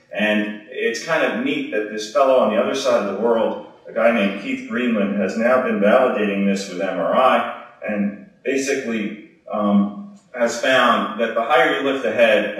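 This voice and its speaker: A man giving a conversational medical lecture, telling stories in an informal way with plenty of fillers. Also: on the low side. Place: lecture hall. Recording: echoey hall from far off.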